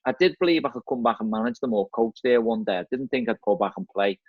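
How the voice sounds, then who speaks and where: A man's voice: mid-range voice, fast talker, slightly rough, dry recording. A middle-aged man with a Scouse accent, telling stories as a guest in a casual chat, repeating words and often saying "mate". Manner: chatty, repeats words, says "mate" and "you know what I mean". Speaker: football manager guest. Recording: slightly dull, dry lo-fi audio.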